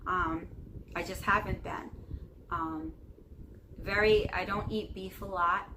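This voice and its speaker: A woman's voice: medium pitch, fairly even intonation, slow. Rambling woman vlogger, noisy background. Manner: rambling, many fillers, repeats "okay?" and "you know". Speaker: spiritual vlogger. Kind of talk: casual advice monologue to camera. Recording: noticeable background noise.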